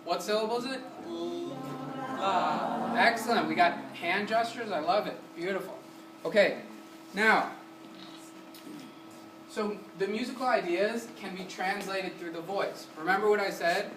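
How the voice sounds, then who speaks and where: A man with a high voice speaks a little slowly while teaching a music class at a community center. Full of energy, he keeps asking students questions and demonstrates by singing short syllables, captured on a distant mic with roomy acoustics and room noise.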